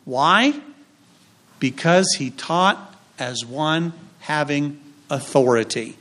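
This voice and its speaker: A male pastor preaching a sermon, emphatic and punchy, with dramatic pauses, repetition and acted-out quotes. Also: a little high, expressive, a bit bright.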